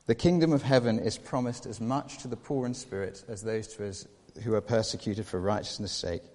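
A man preaching a sermon, earnest, with repeated rhetorical questions and shifts between hushed and emphatic delivery. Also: lowish voice. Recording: long reverb of a large hall.

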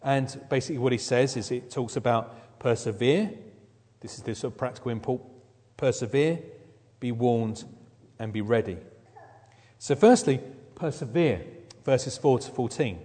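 A man's voice: medium pitch, moderate pace, mellow, slightly rough. A man preaching a sermon, teaching through a Bible passage verse by verse with emphasis. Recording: long reverb of a hall.

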